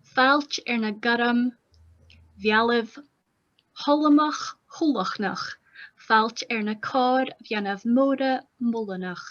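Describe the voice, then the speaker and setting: A woman reading a song aloud as a guest, in a slow, lilting recital. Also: a little high, fairly bright tone. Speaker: guest reader. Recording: distant, dull lo-fi sound.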